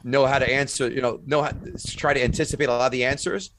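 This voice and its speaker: A man's voice: medium pitch, steady tone, a bit bright, slight background noise. Profane, ranting comedian man. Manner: profane, ranting, quick comic jabs. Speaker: comedian guest. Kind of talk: casual chat.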